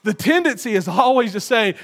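Man, pastor, sermon, very high voice, conversational, chuckling humor. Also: expressive, fairly quick, gravelly, a bit bright. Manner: conversational preaching, laughs at own jokes.

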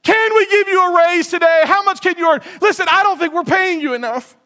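Man doing a gushing boss, high-pitched, fawning, eager, syrupy. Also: brisk, bright, forceful tone. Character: gushing, flattering male employer.

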